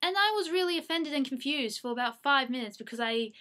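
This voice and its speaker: A woman's voice: high voice, expressive, fairly quick, sharp tone. A young Australian woman casually answering fan questions at home into her webcam mic, chatty and self-mocking. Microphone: webcam microphone.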